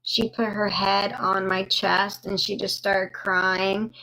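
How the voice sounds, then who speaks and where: A young woman telling a personal story on a live stream, slow and halting with many pauses and fillers, stopping now and then to thank viewers. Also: medium pitch, little pitch movement, bright, forceful tone, poor audio.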